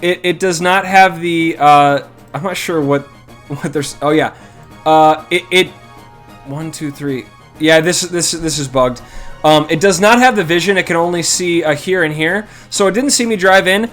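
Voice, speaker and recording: A man's voice: a little high, measured pace, fairly bright tone, faint music behind. A man casually commentating his own strategy game, thinking aloud and criticizing his own moves. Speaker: gameplay commentator.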